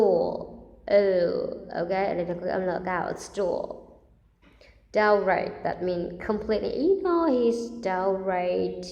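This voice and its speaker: Slow, expressive Vietnamese woman teaching English. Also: mid-range voice. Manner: expressive storytelling, repeating words slowly for practice. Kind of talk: reading a children's story aloud, then a vocabulary review. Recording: roomy echo with long reverb.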